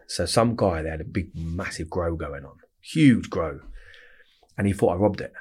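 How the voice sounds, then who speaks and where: Essex guy, low husky voice, rattles off stories quickly, swears a lot. Brief: guest telling tales on a podcast. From England. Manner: fast, animated storytelling with heavy swearing. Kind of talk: storytelling interview.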